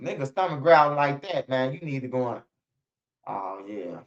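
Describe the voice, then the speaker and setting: A man's voice: mid-range voice, expressive, normal speed. A man hosting a casual livestream, talking loosely and swearing often. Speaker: streamer. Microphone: streaming setup. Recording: slightly dull lo-fi stream audio.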